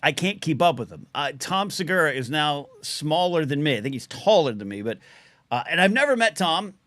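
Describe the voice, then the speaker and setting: A middle-aged man hosting a live call-in stream, chatting loosely and reading out chat names, his throat a little scratchy from shouting. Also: a little high, very animated, no room sound. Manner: chatty, quick asides, reads out chat names. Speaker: livestream call-in show host. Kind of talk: casual rambling live-stream talk.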